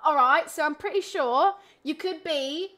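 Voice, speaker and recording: Young woman game streamer, giggly, high pitched, desk mic, casual chat to viewers. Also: measured pace, pushed and bright. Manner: giggly, chatty, talks straight to chat.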